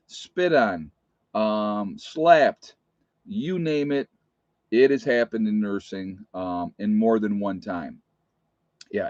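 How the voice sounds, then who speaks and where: A man's voice: on the low side, no room sound. A man who works as a nurse tells stories from his shifts in a blunt, plainspoken, emphatic way, in a casual vlog. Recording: dull, muffled recording.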